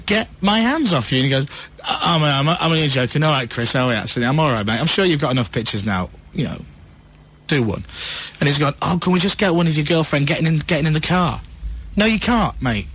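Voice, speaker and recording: A man hosting a breakfast radio show, telling a story in a bouncy way and snapping into quick voices for each character. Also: a little high, a bit bright, breathy edge. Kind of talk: radio show chat and anecdote.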